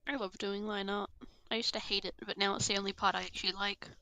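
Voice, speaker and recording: A woman's voice: medium pitch, flat delivery, quick pace, bright, forceful tone, no echo. A woman with an accent who is not American, chatting casually and laughing easily while she draws alongside a friend. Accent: non-American. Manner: giggly, easygoing. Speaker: guest artist. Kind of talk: casual chat while drawing.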